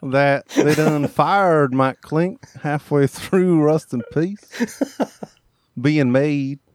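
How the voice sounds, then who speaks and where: A man's voice: fairly high pitch, extremely slow, a little mellow, dry recording, clean studio sound, voice pushed up. A man reading aloud in a put-on Virginia drawl, drawn out and mock-folksy.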